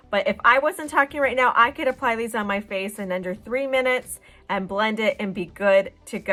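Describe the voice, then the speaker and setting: A woman's voice: fairly high pitch, a bit bright. Chatty woman giving a makeup tutorial. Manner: chatty, reassuring, explains each step. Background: faint background music.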